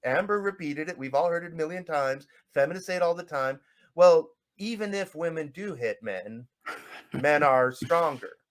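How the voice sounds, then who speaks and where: A man in casual podcast conversation, telling a family story with lively quoted voices. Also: a little high, normal speed. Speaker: podcast co-host.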